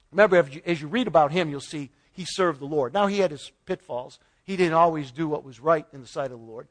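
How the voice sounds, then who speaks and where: A man giving an informal Bible teaching, retelling the story in a folksy way with paraphrased dialogue and chuckles. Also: sits high. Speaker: preacher.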